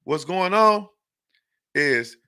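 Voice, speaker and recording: A man's voice: high voice, expressive, extremely slow, bright, forceful tone, clean tone. A man hosting a news podcast, rambling and profane, tacking "man" onto nearly every sentence. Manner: acts out an angry exchange in a raised voice. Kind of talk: loose profane news commentary.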